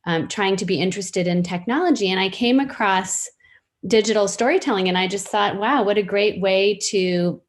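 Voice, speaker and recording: A woman in her fifties, a guest on a podcast interview, talking casually and thoughtfully about her work, often pausing with fillers and restarting sentences. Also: medium pitch. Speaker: interview guest, storytelling practitioner.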